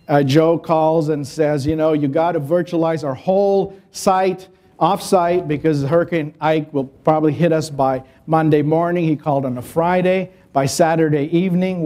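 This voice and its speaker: A man speaks at a business conference, his voice set slightly high yet warm and mellow. He keeps it conversational and energetic, telling customer stories with asides to the audience. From United States. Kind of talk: business presentation.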